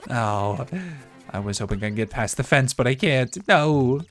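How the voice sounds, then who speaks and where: A man's voice: mid-range voice, measured pace, fairly bright tone, faint music behind. A man from Canada chatting casually while he plays a video game, rambling with lots of fillers. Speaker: streamer playing a game. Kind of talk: casual gameplay commentary.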